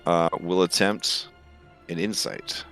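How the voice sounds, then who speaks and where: A man narrating as game master of a tabletop game, with a relaxed, hesitant delivery full of fillers. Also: deep voice, slow. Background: faint music.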